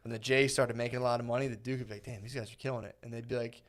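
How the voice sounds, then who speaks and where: A man in his thirties co-hosting a podcast, telling a long story in loose, casual banter. He swears freely and slips into quick put-on voices for the people in his anecdote. His voice sits at an ordinary middle pitch for a man. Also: little pitch movement, noisy background. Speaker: podcast co-host.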